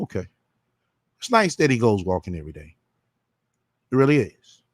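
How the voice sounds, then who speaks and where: A man's voice: fairly low pitch, darkish tone, no echo, clean studio sound. A man doing casual reaction commentary, talking bluntly and with profanity straight to his viewers. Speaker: commentary streamer.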